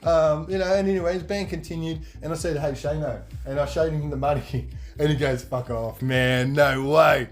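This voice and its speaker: A young man tells a rambling festival story on his podcast. His voice sits a touch high, and he jumps between narration and lively impressions of the people in the tale, swearing casually as he goes. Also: fairly quick, hardly any pauses. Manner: animated, acts out quoted voices, swears freely. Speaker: podcast host.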